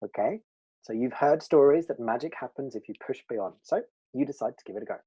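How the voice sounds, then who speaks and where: A man leading an online workshop, animated, laughing often and playing out voices. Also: mid-range voice, a little fast, slightly rough, highs cut off. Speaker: presenter.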